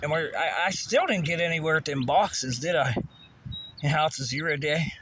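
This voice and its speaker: A man's voice: fairly high pitch, normal speed, background noise. A man delivering a rambling, profane, conspiratorial monologue, often asking rhetorical questions. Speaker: vlogger.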